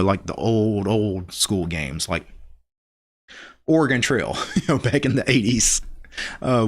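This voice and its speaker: A middle-aged Louisiana man with a mid-range voice and a Louisiana accent hosts a casual live stream. He chats loosely, laughs often, and reads viewer comments aloud.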